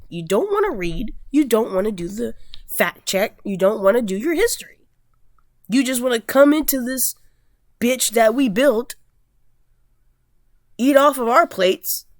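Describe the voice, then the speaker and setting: A woman's voice: fairly high pitch, no echo, clean studio sound. An American woman ranting bluntly and emphatically in a vlog, with frequent swearing. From United States. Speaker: vlogger. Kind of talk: rant.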